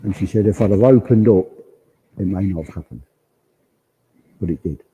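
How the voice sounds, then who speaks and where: A man's voice: low-pitched, normal speed, dark tone, husky, poor audio. A man working as a spiritualist medium, relaying spirit messages to the congregation in quoted speech during a service. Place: village hall.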